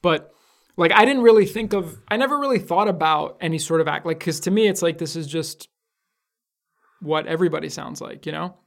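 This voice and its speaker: Gravelly New York man. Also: fairly high pitch, brisk. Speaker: podcast co-host, filmmaker. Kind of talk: casual chat.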